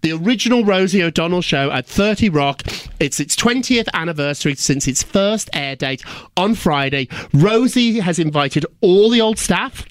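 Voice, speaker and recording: High-voiced excitable male podcast host. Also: moderate pace, no room sound. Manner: excitable, emphatic storytelling. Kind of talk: casual podcast chat.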